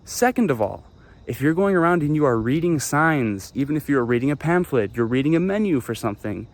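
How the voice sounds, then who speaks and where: Young man, casual vlog advice, blunt and emphatic, curses a lot, mid-pitched voice. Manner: blunt, emphatic, swears freely, repeats promises. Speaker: travel vlogger giving advice. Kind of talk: casual direct-to-camera advice.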